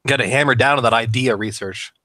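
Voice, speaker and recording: A man who voices characters, talking shop in a casual podcast chat, animated and swearing freely. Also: mid-range voice, quick pace, dry recording. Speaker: voice actor discussing his roles.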